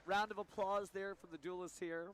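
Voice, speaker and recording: A man's voice: sits high, fairly even intonation, normal speed, fairly bright tone. A man giving upbeat color commentary at a card game tournament. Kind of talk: live esports commentary.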